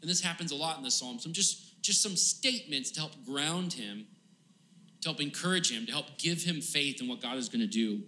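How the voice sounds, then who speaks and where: Male pastor, casual halting sermon delivery, bright tone, emphatic pleading in the paraphrases. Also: a little high, animated. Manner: casual, halting delivery with many fillers and restarts; grows pleading and emphatic when paraphrasing the psalm.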